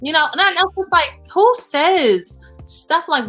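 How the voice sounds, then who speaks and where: A woman speaking as an interview guest in a candid, animated way, full of "you know" and "like". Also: very high voice, measured pace, soft background music. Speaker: guest, founder of a support organization. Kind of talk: casual interview chat.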